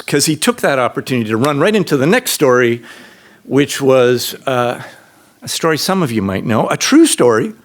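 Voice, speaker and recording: A man in his fifties or sixties telling a true story on stage to a live audience, casual and unscripted, jumping to a high excited voice when he quotes himself. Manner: casual, with fillers and restarts. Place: stage in a public venue.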